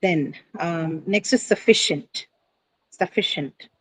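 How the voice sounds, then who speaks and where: A woman's voice: mid-range voice, moderate pace, a little mellow, a little hiss or hum, low-quality recording. Woman teacher, patient classroom explanation full of fillers. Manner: patient, explanatory, many fillers like uh and you know. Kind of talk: classroom lesson on word stress.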